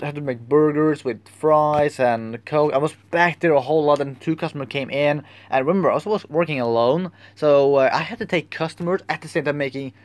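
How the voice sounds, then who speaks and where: A young man telling a rambling, halting story in a casual vlog, often searching for words. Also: mid-range voice, a little mellow, dry recording. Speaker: vlogger.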